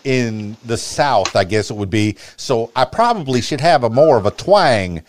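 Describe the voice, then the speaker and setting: A man's voice: medium pitch, lively intonation, normal speed, no room sound. A male podcast host who speaks neutral American broadcast English, stammering and repeating words as he asks questions. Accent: neutral General American broadcast. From Miami, Florida. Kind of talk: casual podcast interview.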